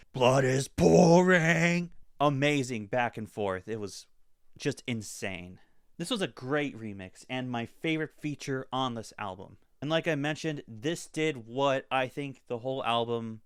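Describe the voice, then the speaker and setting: A young man talks through an album review in a loose, upbeat way, tossing in plenty of casual fillers. His voice is smooth and crisp, recorded close and dry with no room sound. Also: mid-range voice, a bit bright, dry recording.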